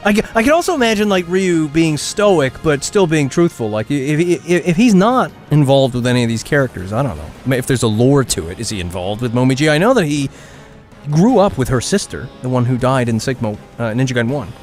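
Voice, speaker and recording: A man's voice: mid-range voice, very animated, fairly quick, soft background music. A man streaming a video game, rambling casually and chuckling as he acts out silly character lines. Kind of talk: casual gameplay commentary.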